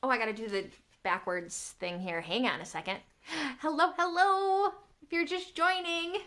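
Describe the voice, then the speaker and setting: Excitable woman streaming live from home, high bright voice, gasps and giggles a lot, casual chat to viewers. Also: moderate pace. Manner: bubbly, excitable, gasping and giggling often. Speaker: artist hosting a live stream. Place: at home, on a couch. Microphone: camera on a tripod.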